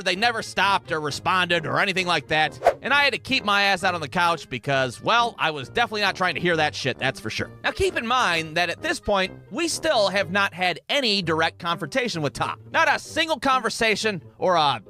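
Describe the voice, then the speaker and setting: A man telling a comic story in a profane, animated, exaggerated way. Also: sits high, a little fast, few pauses, faint music behind. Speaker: comedian storyteller. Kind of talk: comedic storytelling.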